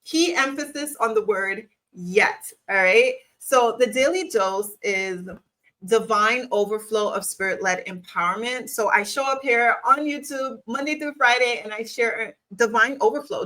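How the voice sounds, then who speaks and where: A woman's voice: a little high, sharp tone, poor audio. A woman in her thirties, a business coach, giving a faith-based motivational talk and speaking straight to the viewer in an encouraging way. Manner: encouraging, talks straight to the viewer with repeated questions.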